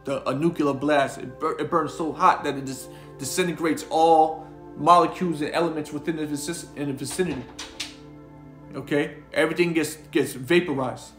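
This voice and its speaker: A man's voice: a little high, fairly even intonation, normal speed, fairly bright tone, echoey room, soft background music. A man preaching an informal sermon, reading scripture aloud and talking in a slangy, conversational way with frequent repeated words. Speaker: street preacher.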